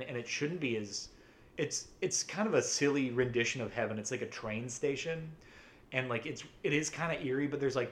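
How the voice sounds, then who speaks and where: A man co-hosting a podcast, talking casually and enthusiastically, swearing often and rambling with many restarts. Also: mid-range voice. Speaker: podcast co-host. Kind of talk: casual chat.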